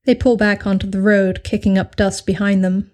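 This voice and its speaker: A woman reading a piece of fan fiction aloud as narrator, in an even storytelling manner. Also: mid-range voice, moderate pace. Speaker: story reader.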